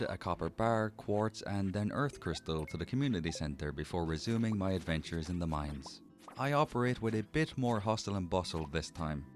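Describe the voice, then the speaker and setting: Deep-voiced man with a lisp narrating. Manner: dry, mock-dramatic humor. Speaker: gameplay narrator. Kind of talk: scripted gameplay narration.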